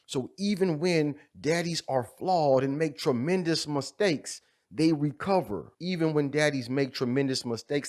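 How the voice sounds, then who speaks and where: A man's voice: a little high, a little mellow. Impassioned man preaching about fatherhood. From USA. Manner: fervent, preacher-like, repetitive refrains. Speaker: video creator speaking on fatherhood. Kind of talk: impassioned motivational monologue.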